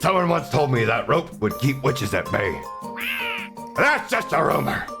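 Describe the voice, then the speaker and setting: A gruff, boastful talking duck , as a man puts him on, bursts out in a raised, grating voice. He swings his pitch widely and sounds fed up and pushy. Video game music plays clearly behind him. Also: very animated, unhurried. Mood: chatty. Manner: loud and indignant, pitched up.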